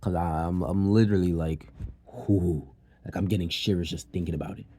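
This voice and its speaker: Low husky-voiced young man. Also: steady tone, fast, mellow. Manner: loose and profane, with many fillers. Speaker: storyteller. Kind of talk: casual personal storytelling.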